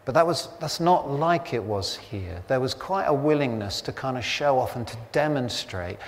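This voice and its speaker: Speaking at normal speed in an expressive, medium-pitched voice, a middle-aged pastor from Britain delivers a sermon in church with a conversational, story-filled style and dry wit. The church hall reverb and faint background ambience can be heard.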